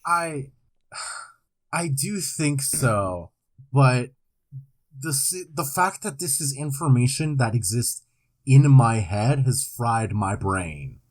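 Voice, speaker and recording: A young man co-hosts a podcast at an unhurried pace, his pitch rising and falling widely. He delivers absurd facts in a deadpan way, with the odd weary sigh. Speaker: podcast co-host. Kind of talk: casual chat.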